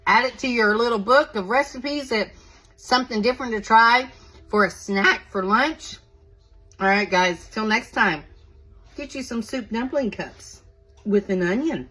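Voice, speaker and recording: A woman's voice: a little high, unhurried, pushed and bright, rough recording. A woman hosting a casual home cooking video, chatting to viewers as she walks them through each step.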